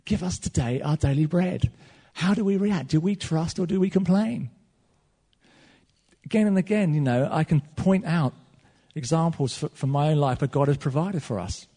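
Man, preacher, sermon, husky, long hall reverb. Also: on the high side, moderate pace. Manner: animated preaching, swinging from loud to soft.

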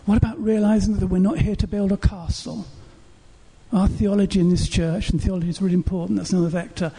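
High, husky-voiced preacher man. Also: level tone, fast talker, warm tone. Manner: repetitive rhetorical questions, earnest preaching. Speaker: pastor. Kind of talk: sermon.

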